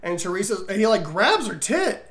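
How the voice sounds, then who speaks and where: A man's voice: high voice, a little fast. A man co-hosting a podcast, recapping a movie in casual comic chat and laughing often. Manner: animated, laughs often, acts out quoted lines in exaggerated voices. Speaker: podcast co-host.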